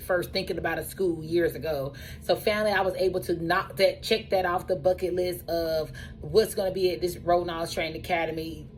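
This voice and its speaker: A woman who runs a truck driving school tells her own story in a casual, animated way, repeating phrases for emphasis. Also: lowish voice, a little hiss or hum, rough recording.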